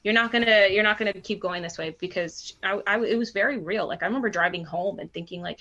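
A woman in her thirties, a TV news host, telling a personal story candidly as a podcast guest, halting and restarting often. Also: mid-range voice, pushed and bright, highs cut off. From Canada.

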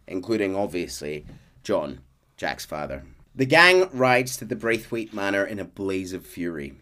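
A man on a podcast, casually retelling a game's plot with lively bursts and fillers. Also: on the low side. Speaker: podcast host recapping a game story. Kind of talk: casual storytelling recap.

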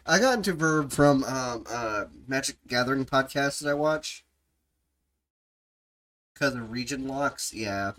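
A man's voice: medium pitch, lively intonation, a little slow, pauses often, fairly bright tone, poor audio. A man hosting a podcast in casual chat, giggly and easily sidetracked. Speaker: podcast host.

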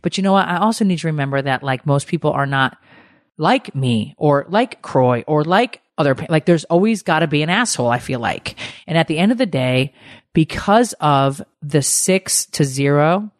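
A woman's voice: sits low, expressive, moderate pace, dry recording, studio quality. A middle-aged woman co-hosting a podcast, ranting in a heated, swearing casual chat. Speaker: podcast co-host.

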